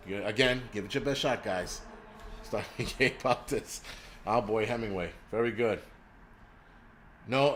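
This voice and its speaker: A man hosting his own vlog, telling stories and ranting in a profane, animated way. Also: medium pitch, slight background noise. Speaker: prepper channel host.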